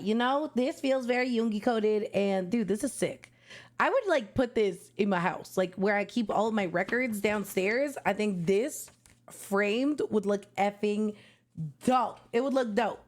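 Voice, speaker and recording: A woman vlogger chatting casually through an album unboxing, excitable and slangy, often gasping and exclaiming. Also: on the high side.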